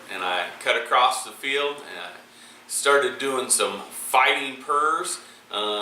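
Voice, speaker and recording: A man's voice: lowish voice, pushed and bright, echoey room, recorded from a distance, slight background noise, low-quality recording. A man hosting a hunting channel, recounting his hunt in a casual, rambling way with plenty of fillers and restarts. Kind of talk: casual storytelling recap.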